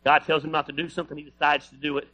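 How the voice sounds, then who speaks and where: A man's voice: on the high side, little pitch movement, rapid-fire, highs cut off. A male pastor preaching a sermon, reading scripture aloud with playful, joking asides.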